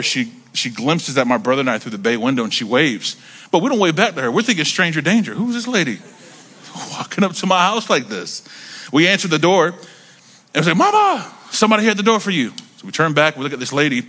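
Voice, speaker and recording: A man in his thirties preaching, telling a story in an animated, conversational way, repeating words as he builds up. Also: mid-range voice. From United States. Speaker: pastor. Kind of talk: sermon storytelling.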